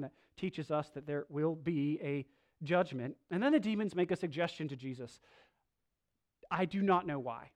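A man preaching a sermon in a casual, conversational way, with filler words and restarts, and sudden swings between loud and soft. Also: fairly high pitch, normal speed.

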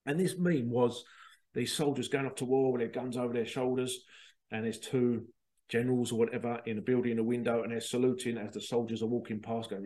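A middle-aged man with a voice of ordinary middle pitch, talking loosely and casually as a podcast host. He rambles from thought to thought and slips into little voices for the people he quotes. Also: steady tone, fairly quick, dark tone. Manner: chatty, rambling, acts out quotes. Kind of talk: casual monologue.

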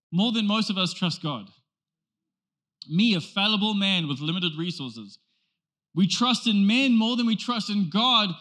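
A male pastor delivering a sermon with a high voice that sounds bright and forceful. He preaches emphatically and builds his points through rhetorical questions and repeated phrases.

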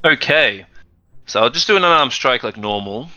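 Bright-voiced man playing a tabletop game. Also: medium pitch, expressive, dry recording, highs cut off, faint music behind. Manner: quick rules questions, easy laughs. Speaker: player. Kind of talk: casual tabletop play.

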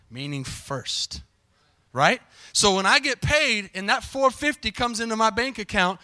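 High, bright-voiced preacher man. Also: no room sound. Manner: lively preaching with call-and-response asides. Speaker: pastor. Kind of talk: sermon. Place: church sanctuary.

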